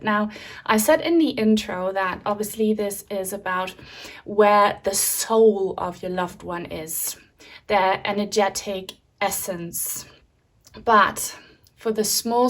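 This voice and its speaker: Gentle woman tarot reader, slow and soothing, mid-range pitch, slightly breathless. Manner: gentle, soothing, open-hearted delivery. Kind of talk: pick-a-card tarot reading.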